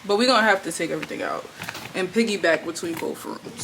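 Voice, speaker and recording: A woman's voice: fairly low pitch, quick pace, creaky, noisy background. A woman in her twenties, a vlogger chatting casually and slangily to herself while she sorts through her apartment. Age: 20s. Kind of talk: casual chat while decluttering.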